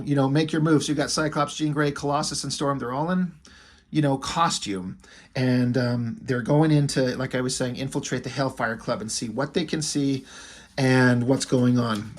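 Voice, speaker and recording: A man's voice: medium pitch, steady tone, normal speed. A man who reviews comics and draws, retelling a story in a rambling, casual way full of fillers. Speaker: comic book reviewer and artist.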